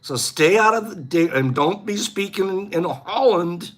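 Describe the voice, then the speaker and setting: A man jokes through a casual livestream chat with his viewers, laughing often. His pitch swings widely while he speaks at an unhurried pace. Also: lively intonation. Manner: playful and joking, often laughing. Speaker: livestream host.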